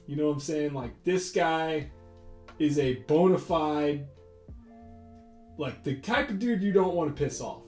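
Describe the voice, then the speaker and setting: While drawing on his stream, a man tells a profane, meandering story in a fairly high voice, speaking unhurriedly and pausing often. He animatedly retells dialogue and leans on plenty of fillers. Faint guitar music plays beneath a roomy echo.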